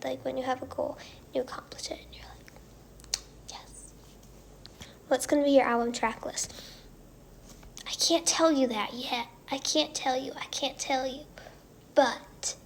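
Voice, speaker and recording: Bubbly high-voiced woman chatting on a livestream. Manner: bubbly and chatty, often dropping into soft whispers. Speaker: singer hosting a livestream. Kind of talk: casual livestream chat reading viewer comments.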